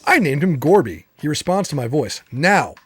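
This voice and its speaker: Husky-voiced man streaming a game. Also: on the high side, moderate pace, soft background music. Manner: relaxed, rambling, with frequent fillers and chuckles. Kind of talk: casual live-stream commentary and reading game text aloud.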